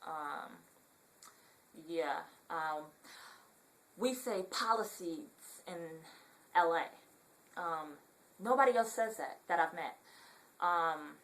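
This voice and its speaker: A woman's voice: lowish voice, drawn-out words, long pauses, rough recording. A young woman from Southern California with a Southern Californian accent and a congested, nasal voice, chatting casually in a rambling vlog full of ums. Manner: relaxed, rambling, many ums. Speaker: vlogger.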